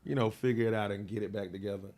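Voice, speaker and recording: A man telling a wild personal story in an interview, slangy and profane, full of fillers, getting loud and animated as he acts it out. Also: lowish voice, racing. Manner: grows loud and animated when reenacting. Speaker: interview guest.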